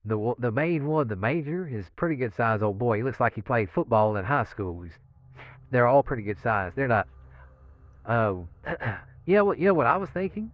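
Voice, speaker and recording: A man's voice: medium pitch, animated, normal speed, no room sound. A man who is a death row inmate talks in a recorded interview, telling stories in a rambling way with laughs and frequent "you know what I'm saying.". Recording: muffled lo-fi phone-like line.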